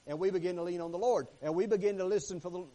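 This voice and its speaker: Preaching man, hushed to emphatic. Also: sits high, very fast, low-quality recording. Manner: swings between hushed and emphatic preaching, reads scripture aloud. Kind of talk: sermon.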